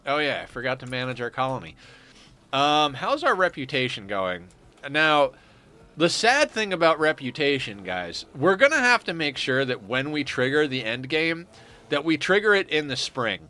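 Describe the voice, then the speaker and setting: A man's voice: on the high side, big pitch swings, normal speed, pushed and bright. A man streaming a game, giving loose, rambling, chatty commentary and swearing now and then. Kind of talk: casual let's-play commentary.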